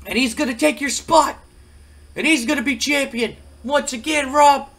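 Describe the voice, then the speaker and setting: A man voicing a loud, taunting male wrestling manager who rants and mocks in a shrill, raised voice. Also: normal speed. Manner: shrill, ranting, mocking.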